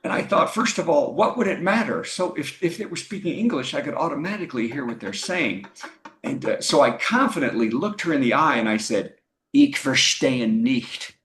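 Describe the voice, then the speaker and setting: A man hosts a comedy show over a video call, his pitch rising and falling as he spins a story. He speaks in a relaxed, late-night murmur and chuckles at his own jokes. The sound is roomy and echoey. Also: fairly quick, slight background noise. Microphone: video call mic. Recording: echoey room.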